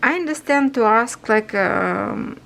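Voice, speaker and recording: A woman's voice: a little high, expressive, slow, creaky, a bit bright, low-quality recording. A woman chatting casually while she stitches, speaking broken, non-native English in a rambling way and sounding a little stuffy. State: stuffy nose. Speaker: cross-stitch vlogger.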